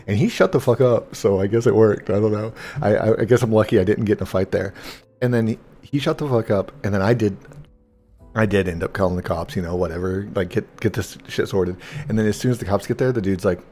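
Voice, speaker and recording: Low-voiced young man telling a rambling story. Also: quick pace, dark tone, soft background music. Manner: rambling, profane, lots of "like" fillers. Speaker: gaming streamer. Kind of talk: casual storytelling while gaming.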